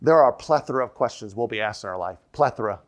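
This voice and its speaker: A man preaching a sermon as pastor, emphatic, repeating key lines and dropping his voice low for the quoted question. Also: expressive, quick pace. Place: church sanctuary.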